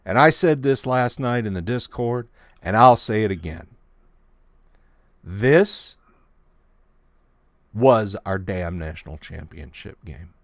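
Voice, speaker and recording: Low-voiced man hosting with emphasis. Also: expressive, slow pace, pauses often, no echo, studio quality. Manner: emphatic, dramatic build-ups. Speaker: podcast host. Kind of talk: sports podcast opening monologue.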